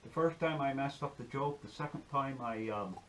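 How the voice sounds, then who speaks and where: A man's voice: medium pitch, moderate pace, heavy background noise. A man giving a folksy, rambling demonstration and telling a joke on his channel. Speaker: outdoor-skills YouTuber.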